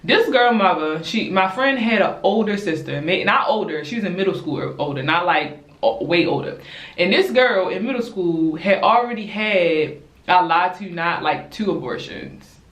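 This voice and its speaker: A young woman from Baltimore telling a casual storytime at home while doing her hair, chatty and animated, talking straight to her viewers. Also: on the low side, normal speed. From Baltimore, USA. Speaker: vlogger. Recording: roomy echo.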